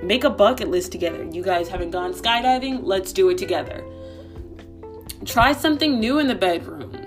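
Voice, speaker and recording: A woman's voice: mid-range voice, animated, normal speed, over music. A woman hosting a podcast who gives relationship advice in a chatty, bubbly way, full of asides. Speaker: podcast host. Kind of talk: casual relationship advice chat.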